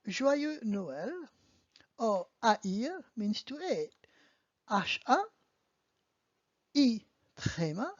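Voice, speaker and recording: A woman's voice: on the high side, dry recording. A woman teaching a beginner language lesson, patiently explaining and often checking in with "okay?". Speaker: French teacher. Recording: dull lo-fi dry sound.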